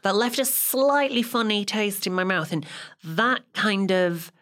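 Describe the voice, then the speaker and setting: A woman co-hosting a podcast, chatting casually about a TV series in a measured, wry way. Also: mid-range voice, fairly bright tone. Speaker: podcast co-host. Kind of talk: casual chat reviewing a TV series.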